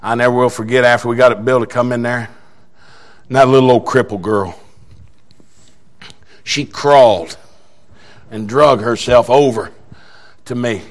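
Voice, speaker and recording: A man preaching a sermon, telling a story in a folksy way that swings between quiet talk and shouted exhortation. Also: medium pitch, measured pace, pauses often.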